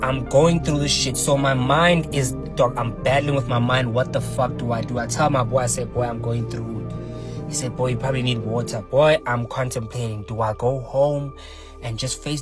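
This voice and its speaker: A man telling a personal story in a casual, slangy, animated way, swearing often. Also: mid-range voice. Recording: loud music under the voice.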